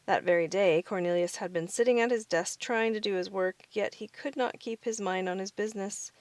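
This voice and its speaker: A woman's voice: mid-range voice, brisk, hardly any pauses, no echo. Woman reading a children's storybook. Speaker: storybook reader. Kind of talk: reading a children's picture book aloud.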